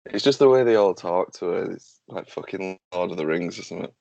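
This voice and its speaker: A man's voice: low-pitched, fairly quick, gravelly, darkish tone, dry recording. A man hosting a casual podcast chat, loose, sweary and joking. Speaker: podcast host.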